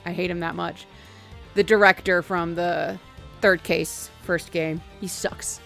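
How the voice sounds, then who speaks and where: A woman's voice: on the low side, steady tone, a little slow, vocal fry, a bit bright, faint music behind. Swearing, chatty young woman streamer. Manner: crude, swearing, laughing, chatty. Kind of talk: casual gameplay commentary.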